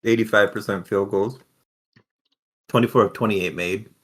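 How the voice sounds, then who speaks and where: Low-voiced male co-host, relaxed, talks through league stats. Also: moderate pace. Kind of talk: casual stats chat.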